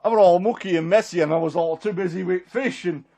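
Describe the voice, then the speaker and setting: Playing the apostle Peter, a homely, warm-hearted, middle-aged fisherman, a man rambles and chuckles through a one-man Bible monologue. His voice sits high and fast, with vocal fry and a dark tone.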